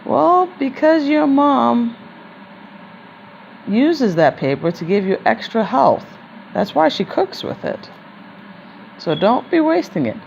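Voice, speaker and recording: A woman voicing a gentle, patient female schoolteacher who explains things slowly in a story. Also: a little high, big pitch swings, creaky, muffled recording, a little hiss or hum, voice pushed up, exaggerated voice. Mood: earnest.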